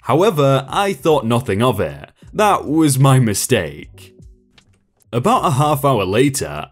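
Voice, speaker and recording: Man narrating stories with lively pitch. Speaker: story narrator. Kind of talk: reading online stories aloud.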